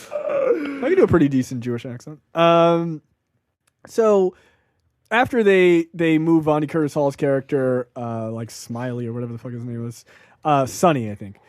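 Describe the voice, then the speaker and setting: A man's voice: on the high side, animated, moderate pace, a little mellow, no echo. A man hosting a podcast, telling a story in casual, profane chat with lots of fillers. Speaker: podcast host.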